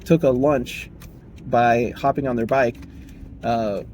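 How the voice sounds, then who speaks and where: Male host, casual solo talk, mellow and unpolished, faint background noise. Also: medium pitch, fairly even intonation, slow, low-quality recording. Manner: rambling, self-correcting, chuckling, mock dialogues in raised voice. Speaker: podcast host.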